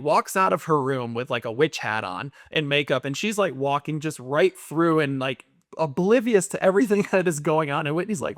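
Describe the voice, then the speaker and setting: A man co-hosting a podcast, telling a family story in an animated way and laughing often. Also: on the high side, dry recording, clean studio sound. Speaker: podcast co-host. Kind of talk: casual chat.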